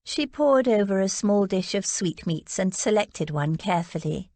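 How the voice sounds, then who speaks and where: A woman narrating an audiobook with expressive storytelling. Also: fairly low pitch, normal speed, hardly any pauses, dry recording. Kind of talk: scripted narration.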